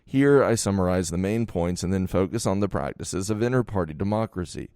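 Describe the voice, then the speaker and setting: Deep-voiced man reading nonfiction aloud. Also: no room sound, clean studio sound. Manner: steady, measured reading voice. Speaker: audiobook narrator. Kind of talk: scripted nonfiction narration.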